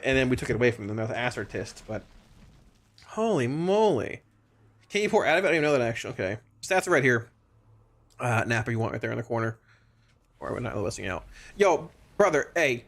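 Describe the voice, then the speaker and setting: An excitable male streamer with a fairly high voice that swings up and down a lot, talking casually to his chat. He stumbles over his words and repeats phrases when worked up, and a faint hum of background noise sits under his voice. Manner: excitable, stammering, repeats himself. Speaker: game streamer. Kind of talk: casual live-stream commentary.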